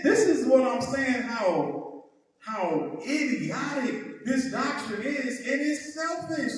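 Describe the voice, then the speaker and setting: Emphatic high-voiced man in echoey hall. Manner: emphatic, mocking, rhetorical "right?" tags. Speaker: Bible teacher. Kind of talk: heated Bible lesson. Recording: echoey hall, mic far off.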